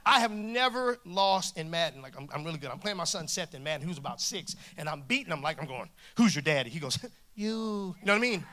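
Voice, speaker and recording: Man, 40s, preacher, humorous sermon, storytelling, jokey, bright forceful voice, slightly high. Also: fast. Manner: lively, jokey, acts out dialogue. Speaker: guest preacher. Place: church stage before a congregation.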